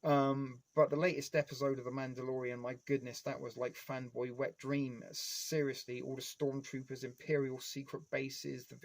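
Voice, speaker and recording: A man's voice: mid-range voice, little pitch movement, normal speed, vocal fry, hardly any pauses. Man, 40s, home streamer: loose, profane, nostalgic, talks straight to his chat. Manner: rambling, heavy swearing; nostalgic fan enthusiasm. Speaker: live streamer. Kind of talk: casual live-stream chat.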